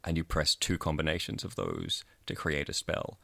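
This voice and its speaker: A man's voice: rumbling low, big pitch swings, moderate pace, vocal fry, a bit bright, dry recording. A man co-hosting a radio podcast in a studio, explaining game mechanics in detail with enthusiasm. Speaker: podcast co-host. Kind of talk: casual game review chat.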